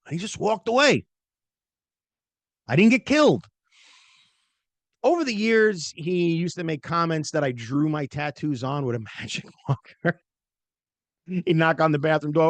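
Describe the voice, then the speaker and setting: A man's voice: on the high side, unhurried, long pauses, no room sound. A middle-aged man hosting a podcast, telling a personal story in a chatty, casual way with lots of fillers. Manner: animated, chatty, many fillers, acts out quoted voices. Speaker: podcast host.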